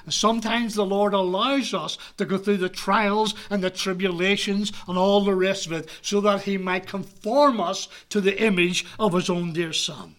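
A man preaching a sermon in an earnest, measured way, sometimes dropping to a near-whisper. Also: sits high, steady tone, a bit bright.

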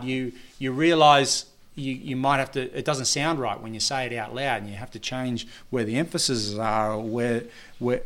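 A man preaching a sermon, talking in a measured, earnest way and often pausing on fillers and restarts. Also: fairly high pitch, a bit bright. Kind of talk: sermon teaching.

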